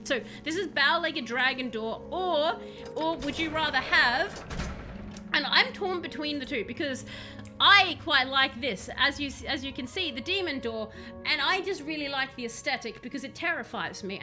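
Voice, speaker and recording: A woman's voice: high voice, expressive, moderate pace, faint music behind. A young woman streaming a video game, chatting casually with playful, rambling jokes. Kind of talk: casual live-stream chat while playing.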